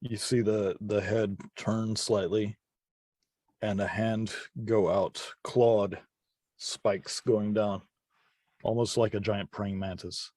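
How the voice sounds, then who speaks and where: A man narrating as game master with deliberate, descriptive delivery. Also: lowish voice, flat delivery, darkish tone, no room sound.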